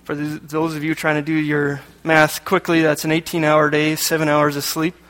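Guy from canada preaching a sermon, kinda high voice, cracks little jokes between reading bits, church hall with a long echo. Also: monotone, moderate pace, a bit bright. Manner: joking asides between read passages. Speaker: lay preacher. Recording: echoey hall with long reverb.

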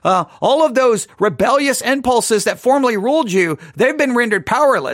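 A man's voice: high voice, a bit bright, dry recording, clean studio sound. A man giving a long teaching sermon as a Bible teacher, conversational, provocative and sarcastic.

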